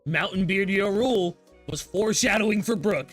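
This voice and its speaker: A man's voice: high voice, moderate pace, a bit bright, soft background music. A man hosting a live manga reaction, reading panels aloud and laughing and swearing as he goes. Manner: reads dialogue aloud with shifting voices, laughs often, swears casually. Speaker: reaction channel host.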